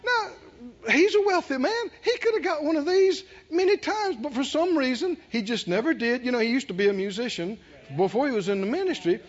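Speaking a little fast in a very high voice, this male preacher tells a story with laughter while calling out to his congregation. His delivery is animated, captured on a dull, lo-fi sermon recording.

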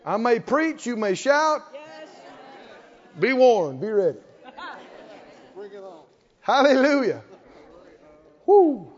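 A man preaching a sermon as pastor, leading the congregation in call-and-response and building to emphatic shouts. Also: extremely high pitch, big pitch swings, slow pace, pauses often, some chatter behind. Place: church sanctuary. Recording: reverberant hall, dull lo-fi sound.

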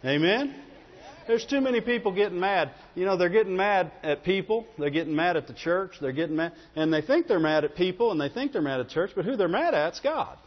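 Preaching in a high, expressive voice at a brisk pace, this pastor keeps his sermon conversational and keeps checking in with the congregation, asking "Amen?" and "Right?" again and again. The sound is dull and carries long hall reverb.

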